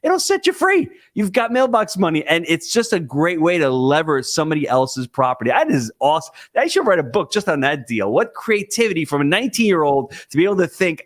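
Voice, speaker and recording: A man speaking as a guest on a podcast, giving investing advice in an emphatic, excitable, coaching way. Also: fairly high pitch, dry recording, studio quality. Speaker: guest real estate investor. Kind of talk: podcast interview.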